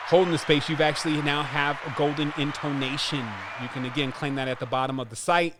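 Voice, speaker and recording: A man's voice: on the high side, steady tone, a little fast, a crowd in the background, background noise. A man hosting a podcast, casually announcing giveaway winners and counting prizes aloud in an upbeat way. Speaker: podcast host.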